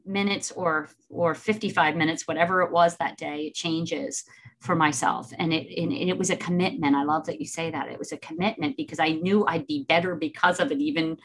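A woman's voice: low voice, fairly even intonation, a little fast. A woman hosting an interview, sharing her experience and asking reflective, thoughtful questions. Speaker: podcast host. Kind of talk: interview conversation.

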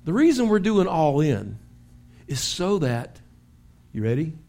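Guy pastor giving a sermon, kinda high voice, tells stories with big swings up and down. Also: unhurried, gravelly. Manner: animated storytelling with acted-out shouts. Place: church sanctuary.

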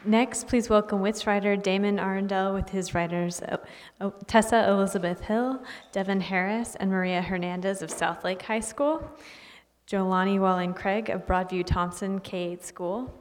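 A woman's voice: medium pitch, fairly even intonation, normal speed. A woman hosting a public reading, announcing each reader briefly with small hesitations. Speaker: event host. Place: large hall with audience. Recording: reverberant hall with audience noise.

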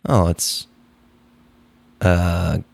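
A man on a casual podcast, telling a story in an animated way and laughing as he goes. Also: low-pitched, drawn-out words, gravelly, no echo, studio quality.

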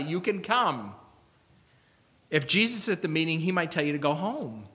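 A man's voice: high voice, pushed and bright. A male pastor preaching a sermon in a church, emphatic and acting out the people he quotes. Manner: emphatic, acts out quoted speakers. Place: church sanctuary. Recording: echoey church hall.

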